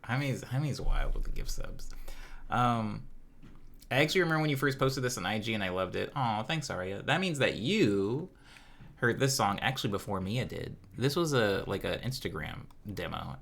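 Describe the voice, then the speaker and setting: A man's voice: fairly low pitch, animated, moderate pace, creaky, a bit bright. A man hosting a live stream, chatting casually, joking and reacting to his chat. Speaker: livestream host.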